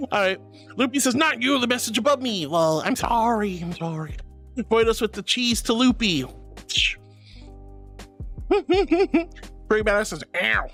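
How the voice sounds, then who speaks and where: Bubbly woman streamer, lively pitch. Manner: affectionate, calls viewers darling and honey; laughs often. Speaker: streamer reading chat. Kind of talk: casual live-stream chat.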